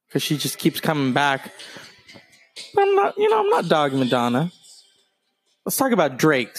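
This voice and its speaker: On his own podcast, recorded at his countryside home, a man talks casually, rambling through profane, sarcastic asides. His voice sits on the high side, and there's no echo.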